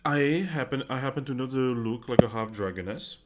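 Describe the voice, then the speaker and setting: A man playing in a tabletop game, talking in a casual, expressive way. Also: medium pitch, a little fast, very noisy. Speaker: player.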